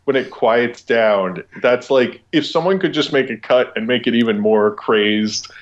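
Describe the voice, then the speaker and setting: A man's voice: mid-range voice, measured pace, muffled recording. A young man chatting casually about movies, enthusiastic and rambling with lots of fillers. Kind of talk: casual chat.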